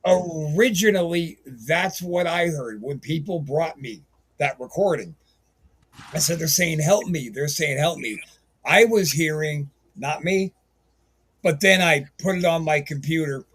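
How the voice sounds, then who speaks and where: A man's voice: on the high side, measured pace, fairly bright tone, husky. A man hosting a podcast, chatting casually and joking around, swearing loosely. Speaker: podcast host. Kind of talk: casual chat.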